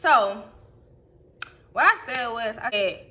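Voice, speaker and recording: Woman, high voice, bright tone, casual storytime vlog, animated, profane. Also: moderate pace, long pauses. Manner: animated, profane, quotes others in her telling. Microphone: phone or webcam.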